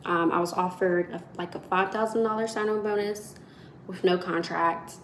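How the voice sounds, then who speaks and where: A woman in her twenties, a nursing student, telling her viewers a story in a chatty, animated way. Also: lowish voice, moderate pace, slight background noise. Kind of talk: casual vlog storytelling. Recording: roomy echo.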